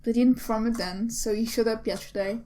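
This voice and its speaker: Higher-voiced woman with sarcastic remarks. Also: steady tone, quick pace, dark tone. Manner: sarcastic, dry put-downs. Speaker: podcast co-host. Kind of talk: casual chat about a film.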